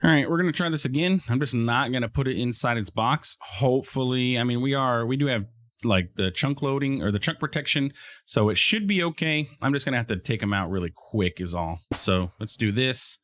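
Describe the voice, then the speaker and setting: There's no room sound as a let's play host with a mid-range, fairly bright voice talks fairly quickly over his gameplay. He's chatty, addresses the mobs directly, and often restarts or fills pauses.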